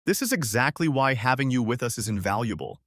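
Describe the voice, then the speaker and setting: A calculating male director who keeps his words gentle and measured, his pitch moving a lot from phrase to phrase. A man plays him in his own voice. Dry and close. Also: lively intonation, dry recording. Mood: gently.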